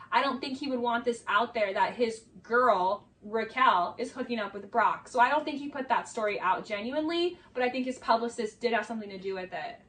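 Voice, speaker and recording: Woman commentator, high voice, chatty and sarcastic, mic set slightly away. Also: fairly bright tone, far from the mic, slight background noise. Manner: chatty, many "like"s, mocking asides. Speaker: video essay commentator. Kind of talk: casual commentary.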